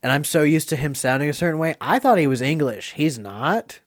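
A man hosting a casual movie quiz podcast, chatty and quick to laugh. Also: a little high, expressive, no room sound, clean studio sound. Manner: chatty, laughs often, gushing. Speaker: quiz host. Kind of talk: casual podcast game chat.

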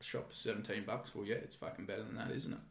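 A man's voice: lowish voice, quick pace, creaky. Blunt Australian man, echoey room. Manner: blunt, heavy swearing, animated storytelling. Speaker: podcast host, former bouncer. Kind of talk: casual chat.

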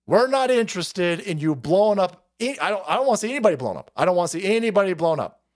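A man with a high-pitched voice rants through a political livestream. He swears constantly and mocks his targets with sarcasm. He often swells into shouting. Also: big pitch swings, fast. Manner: profane, sarcastic, mocking, swings into shouting. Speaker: political stream host. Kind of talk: ranting political commentary.

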